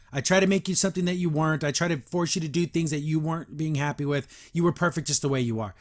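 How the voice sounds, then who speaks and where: A man hosting a casual episode review, chatty and quick to laugh, with lots of filler words. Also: on the high side. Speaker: host.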